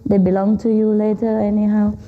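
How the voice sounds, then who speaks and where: A woman's voice: mid-range voice, completely flat delivery, brisk, narrow, tinny audio. A woman spiritual teacher giving an informal talk to an audience in a hall, teasing and laughing often, in simple non-native English.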